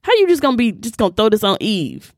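Animated woman teaching scripture. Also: on the high side, fast talker, no room sound, clean studio sound. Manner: animated, talks straight to listeners as "y'all". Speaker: podcast host teaching scripture. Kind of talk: casual Bible teaching.

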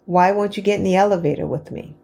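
An indignant, defensive woman stranger fires off insistent questions, as a female podcast host quotes her. The voice stays close to the host's own, at a middle pitch with a mellow, warm tone. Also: fast, close to an everyday voice.

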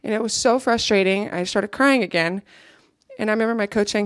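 A woman's voice: medium pitch, a little fast, clear, resonant tone, no echo, studio quality. A young woman giving an earnest, reflective personal testimony to a gathering, now and then checking her notes.

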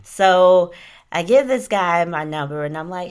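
A young adult woman hosting a casual podcast who tells lively stories and acts out the quotes. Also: on the low side, a little slow, clean tone. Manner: animated, acts out quotes, talks with "like" and "right?". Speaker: podcast host. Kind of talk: casual storytelling chat.

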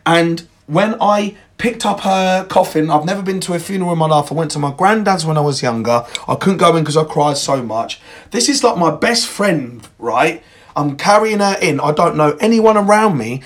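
A young man hosting a podcast, giving a blunt, emphatic motivational monologue full of swearing. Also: a little high. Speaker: podcast host.

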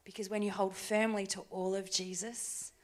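A woman preaching a sermon in a church, talking conversationally with tag questions and dropping to soft, hushed asides. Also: mid-range voice, level tone, normal speed. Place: church stage.

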